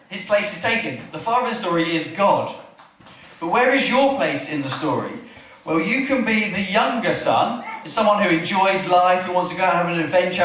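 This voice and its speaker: A man preaching a chatty family church sermon, often asking the room questions and acting out the story lines. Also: sits high. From England. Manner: chatty, asks the room questions, animated retelling. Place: church hall. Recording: echoey hall from far off.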